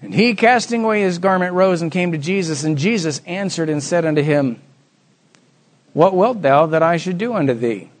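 A man preaching a sermon, acting out the voices of the Bible story with dramatic swings from soft to loud. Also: a little high, lively intonation, moderate pace.

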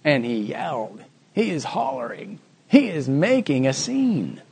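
Brief: male preacher, higher voice, dramatic storytelling delivery. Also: huge pitch swings, unhurried, gravelly, a little mellow, husky. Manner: dramatic, acts out the Bible voices with big pitch swings. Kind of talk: sermon.

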